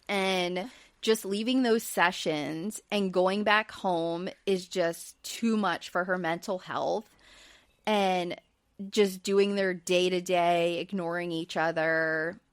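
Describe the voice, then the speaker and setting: Chatty lady doing a show recap podcast, lots of ums and little laughs, average pitch, dead dry sound. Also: no echo. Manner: chatty, with frequent fillers and light laughs. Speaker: podcast host. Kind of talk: casual recap chat.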